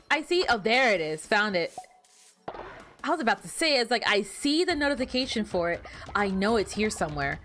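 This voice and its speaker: A woman talks through her game for her stream viewers in casual, running commentary, her pitch swinging up and down as she goes. She is chatty and animated, quick to get flustered and to ask her chat questions. Faint game music plays beneath her voice.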